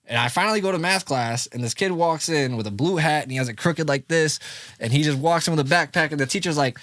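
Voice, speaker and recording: A man's voice: quick pace, dry recording, clean studio sound. A man in his thirties from Syracuse, New York, a music producer telling his story in a casual podcast interview, acting out old conversations with big jumps in his voice. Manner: animated storyteller, acts out quoted dialogue with big pitch jumps. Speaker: music producer and engineer, guest.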